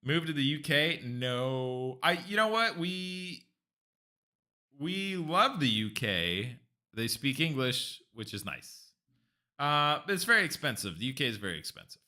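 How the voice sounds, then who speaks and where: A man's voice: a little high, sing-song, measured pace, bright, forceful tone. A man chatting casually with live stream viewers, rambling and talking straight to the chat. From United States.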